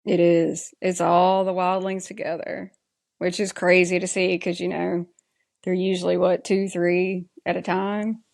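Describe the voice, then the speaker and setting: A woman's voice: lowish voice, little pitch movement, unhurried, gravelly, darkish tone, dry recording. A woman with a Southern US accent co-hosting a podcast, agreeable and dry in casual episode talk. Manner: agreeable, short affirmations, dry remarks. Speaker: podcast co-host. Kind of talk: casual chat recapping a TV episode.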